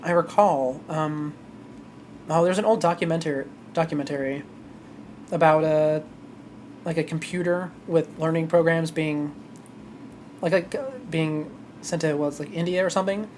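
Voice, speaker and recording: Streamer, live game chat, rambling asides, mid-pitched, faint background hiss. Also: normal speed, pauses often, a little mellow. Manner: rambling, self-correcting asides.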